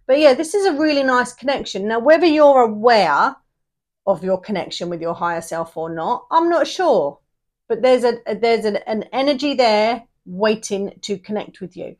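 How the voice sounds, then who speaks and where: A woman's voice: fairly high pitch, expressive, moderate pace. A woman giving a casual tarot reading, chatty and rambling, often checking in with "yeah?". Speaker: tarot reader.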